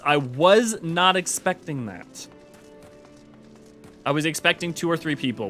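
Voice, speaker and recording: Animated, rambling man streaming a game. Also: mid-range voice, normal speed, faint music behind. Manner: animated, rambling, casually profane. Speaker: game streamer and lore host. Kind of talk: casual live game stream chat.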